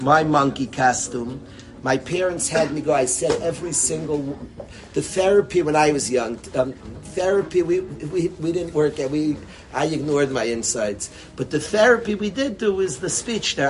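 Male storyteller, lively and rambling, fairly high voice, music in background. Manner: lively, rambling, sprinkles in Yiddish words. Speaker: storyteller and speaker. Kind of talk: animated storytelling talk with a lesson.

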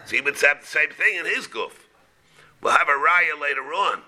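Bright-voiced rabbi giving a Talmud class. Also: male voice, on the high side, expressive. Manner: halting, repeats words, mixes Hebrew and Aramaic terms into English.

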